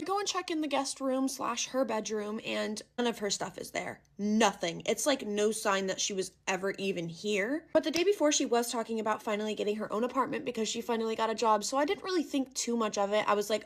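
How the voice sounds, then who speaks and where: A woman's voice: a little high, expressive, a little fast, hardly any pauses. Chatty young woman telling a dramatic story. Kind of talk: casual storytime narration.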